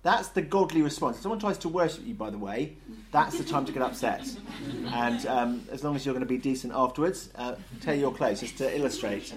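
A man leading an interactive Bible study, lively and jokey, asking the group questions. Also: mid-range voice, a little fast, few pauses.

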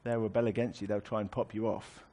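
A man's voice: lowish voice, level tone, fast talker, warm tone. A man preaching a sermon, explaining a scripture passage in a conversational way with wry asides.

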